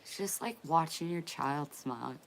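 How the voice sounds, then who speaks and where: A woman talking quietly and emotionally in a personal vlog, hesitant and stopping to restart. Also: low-pitched, normal speed. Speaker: vlogger.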